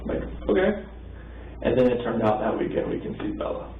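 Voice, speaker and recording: A man's voice: medium pitch, very animated, a little fast, vocal fry, slight background noise. A man in a recorded interview, talking hesitantly with lots of fillers, in an interview room. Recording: tinny, echoey room recording from far off.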